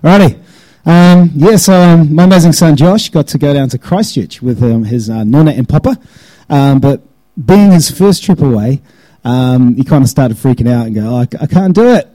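A man with a New Zealand accent chats casually to a live audience, holding a handheld mic close to his mouth. Laid-back and full of fillers like "eh" and "man," he speaks at a normal speed in a mid-range, dark-toned voice, and the recording is rough.

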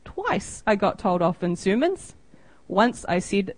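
A woman's voice: mid-range voice, very animated, slow, no echo, poor audio. A woman in her thirties with a New Zealand accent, giving an informal, chatty missionary report over photos and acting out little exchanges. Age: 30s. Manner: chatty, self-deprecating, acts out quoted exchanges.

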